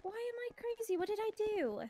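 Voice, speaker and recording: A woman's voice: extremely high pitch, sing-song, fairly quick. A woman voicing a nervous, easily flustered young woman in an improvised game roleplay, apologizing often and giggling.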